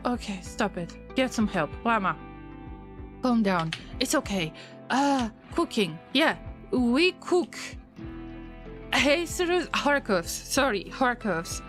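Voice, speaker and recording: A woman streamer giving gameplay commentary, fretting out loud and talking straight to her colonists as if they could hear her. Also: a little high. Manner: frets aloud and talks to her colonists. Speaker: game streamer.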